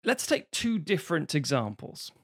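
A man's voice: fairly high pitch, moderate pace, no echo, clean studio sound. A man hosting a casual podcast chat, telling film anecdotes and acting out quotes. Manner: animated storyteller acting out quotes. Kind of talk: casual chat about accents and films.

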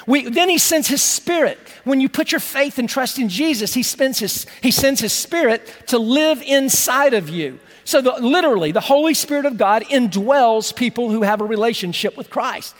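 A man preaching a sermon as pastor in a church, talking conversationally, repeating words as he starts sentences and slowing down to stress key phrases. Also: very high-pitched, expressive, in a large hall. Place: church sanctuary.

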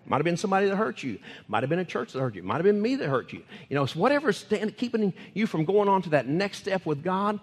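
An older male pastor preaching with a lively, swooping delivery, his voice sitting a bit high and sounding husky. His words ring out into a church with a long, trailing reverb. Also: fast. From United States. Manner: animated preaching, repeating key phrases for emphasis. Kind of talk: sermon. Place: church sanctuary.

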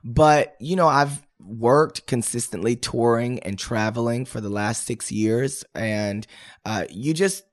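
A man in an interview, an actor and drag performer, telling animated, sassy stories and calling people honey and girl. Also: mid-range voice, slow pace.

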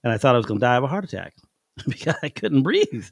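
A man's voice: mid-range voice, very animated, fast, gravelly, dry recording, clean studio sound. A middle-aged man telling stories from his life in a casual chat, folksy and chuckling, acting out the people in his anecdotes.

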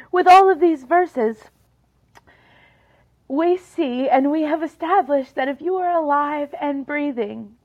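Fervent woman preaching on a podcast. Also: high voice. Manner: earnest, fervent preaching with scripture reading. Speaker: podcast host. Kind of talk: devotional podcast teaching. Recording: dull lo-fi sound.

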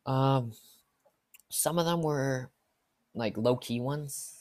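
A woman's voice: very deep voice, takes it slowly, darkish tone. A young woman telling work stories in a casual storytime style, swearing freely and laughing often.

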